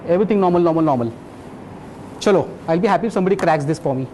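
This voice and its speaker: A man giving a medical lecture as a physician, telling a case story in a lively, blunt way and quizzing his audience. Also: a little high, racing, slight background noise.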